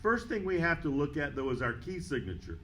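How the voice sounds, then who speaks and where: A man teaching a band lesson, counting beats aloud and explaining rhythm in a steady, patient way. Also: a little high, fairly quick, poor audio. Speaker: music teacher.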